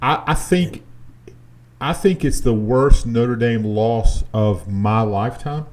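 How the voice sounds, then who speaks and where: A man's voice: medium pitch, slow pace. A man co-hosting a casual sports talk show in a studio, ranting and joking about college football. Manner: ranting, animated, jokey.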